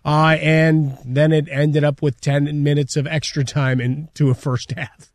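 A man's voice: a little high, level tone, dry recording, clean studio sound. A man co-hosting sports radio, bantering casually with his partner. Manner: quick, joking banter. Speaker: radio co-host.

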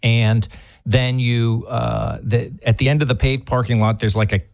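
Man with a Massachusetts accent, casual rambling talker who cuts himself off, steady middle pitch, dry recording. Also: moderate pace, creaky, dry recording. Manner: rambling, laughs often, self-interrupting. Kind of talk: casual chat.

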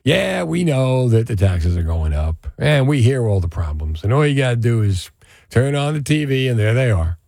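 A man hosting a radio call-in show, chatting in a lively, upbeat way with callers. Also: mid-range voice, normal speed, creaky, dry recording, clean studio sound. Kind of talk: talk radio call-in chat.

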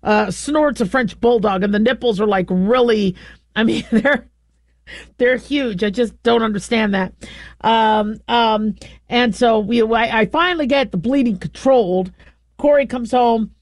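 A middle-aged woman host telling a long, rambling story in a casual, animated way, often stopping to correct herself. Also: a little high, a little slow, dry recording. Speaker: show host.

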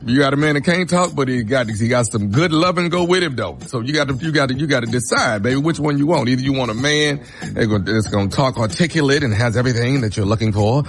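A man voicing a slow-talking, rambling Southern boyfriend with a drawl who stumbles and repeats his words. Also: mid-range voice, voice pushed down, lightly acted.

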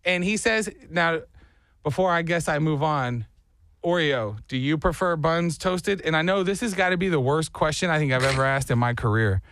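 A man's voice: on the high side, moderate pace, no room sound. A man hosting a morning radio show, telling stories with playful mock outrage. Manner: animated, exaggerated storytelling with mock outrage. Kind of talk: casual morning radio banter. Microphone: studio microphone.

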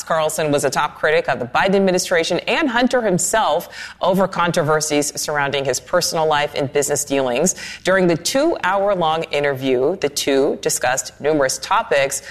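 A woman news anchor reading scripted news in a crisp, measured delivery. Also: deep voice.

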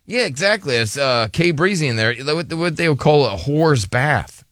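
A man's voice: fairly high pitch, normal speed, no room sound. Talk radio guy joking crude, voice bouncing all over, dry studio sound. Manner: animated, crude joking storyteller. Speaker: radio show host. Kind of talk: casual radio talk show banter.

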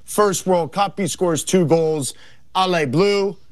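A man analyzing soccer on a TV sports show, with energetic, playful delivery. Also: sits high, slow, no room sound.

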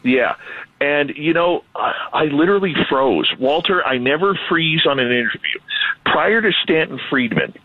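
A Canadian man, a radio host, telling stories in a casual, animated, self-deprecating way. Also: on the high side, normal speed, dry recording, narrow, tinny audio. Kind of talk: casual storytelling conversation.

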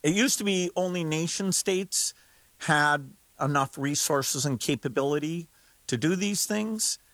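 A man's voice: on the high side, a little slow, fairly bright tone, no echo. A man speaking as a guest in an interview, urgent and emphatic, sometimes incredulous. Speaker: guest expert on AI risk. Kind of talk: interview conversation.

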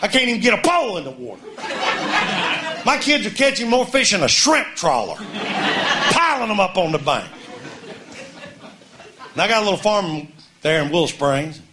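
A middle-aged man from Mississippi, telling a folksy comic story on stage and shouting his punchlines. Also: fairly high pitch, slight background noise. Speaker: comedian. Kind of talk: storytelling stand-up.

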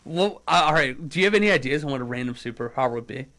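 A man's voice: medium pitch, lively intonation, very fast, pushed and bright. A young man co-hosting a local sports radio show, bantering and joking in a casual, playful way.

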